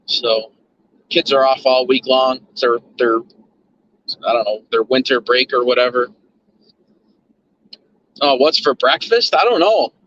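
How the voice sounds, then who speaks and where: A man's voice: medium pitch, fairly even intonation, unhurried, pauses often, fairly bright tone, lo-fi sound. A man chatting loosely to his stream chat while driving, repeating words and drifting between thoughts. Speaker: livestream host. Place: in a car.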